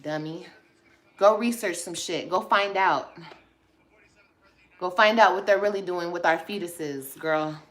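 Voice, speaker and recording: Bright-voiced, sassy woman vlogger. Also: on the low side, a little slow, pauses often. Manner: blunt, sassy and profane, scolding viewers. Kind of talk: casual livestream chat replying to comments.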